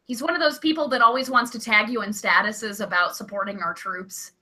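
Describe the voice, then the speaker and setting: A woman's voice: on the high side, fairly quick. A woman co-hosting a comedy podcast, chatting casually with lots of laughter and playful jokes. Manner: animated, giggly, jokey. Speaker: podcast co-host.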